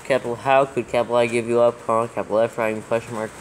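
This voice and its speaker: A man reading scripture aloud as dictation, carefully naming every capital letter and punctuation mark in a steady way. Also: mid-range voice, quick pace, a little hiss or hum, rough recording. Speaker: reader dictating scripture text.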